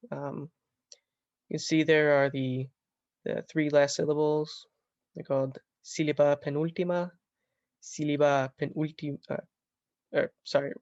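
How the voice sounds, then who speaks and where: A man teaching a slide lesson, explaining step by step in a halting way and often correcting himself. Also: fairly high pitch, no room sound, highs cut off. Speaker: Latin teacher.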